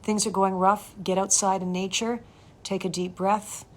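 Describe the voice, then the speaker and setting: A woman's voice: measured pace, slight background noise. A woman from Canada, a voice actor and coach, chatting casually with fans on a livestream and thanking viewers by name. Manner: animated, jumps up in pitch for emphasis.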